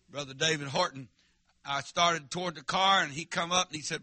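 Bright-voiced preacher man. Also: fairly high pitch, steady tone, fairly quick, dry recording. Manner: folksy, emphatic, calls out to the congregation. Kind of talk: revival sermon storytelling.

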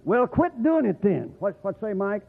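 A man preaching a rambling, folksy sermon, often swooping up into excited whoops. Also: sits high, normal speed, gravelly. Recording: tinny phone-like radio broadcast.

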